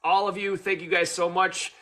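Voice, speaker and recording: A man hosts a casual online chat with a bright, forceful edge to his voice. He sounds enthusiastic and rambles, often restarting his sentences. His voice sits a little high for a man. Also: little pitch movement, normal speed. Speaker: host.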